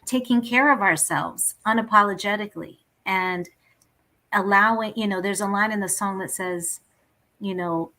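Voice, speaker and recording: Reflective woman singer, calm and earnest. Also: mid-range voice, moderate pace, rough recording. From Ethiopia. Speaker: singer and guest. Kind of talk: interview talk.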